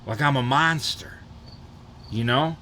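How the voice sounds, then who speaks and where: A man's voice: mid-range voice, slow pace, pushed and bright, slight background noise. A young man chatting casually on a live stream, rambling and swearing freely as he tells stories. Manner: profane, rambling storytelling.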